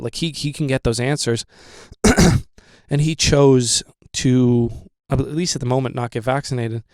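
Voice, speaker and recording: A man's voice: mid-range voice, fairly even intonation, a little slow, a little mellow, smooth, dry recording. A young man hosting a podcast, rambling casually with lots of fillers and swearing. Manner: rambling, profane, with many fillers. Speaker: podcast host.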